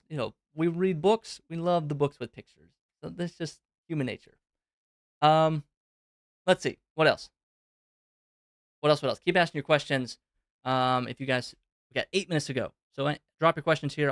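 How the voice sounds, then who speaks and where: In clean studio sound with no echo, a man with a medium-pitched, clean voice hosts a live Q&A stream. He explains things on screen loosely and conversationally, thinking aloud with lots of fillers.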